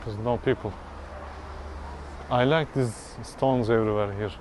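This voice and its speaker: A man's voice: medium pitch, unhurried, a little hiss or hum. A man chatting casually and making jokes as he hikes up outdoor stairs with a companion. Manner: relaxed, joking. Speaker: hiking companion. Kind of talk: casual chat while hiking.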